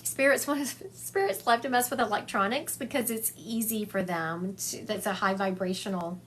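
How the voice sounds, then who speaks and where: A woman's voice: mid-range voice, moderate pace, a bit bright, slight background noise. A woman psychic medium giving a chatty livestream reading, relaying and acting out spirit messages for her viewers. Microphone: phone livestream.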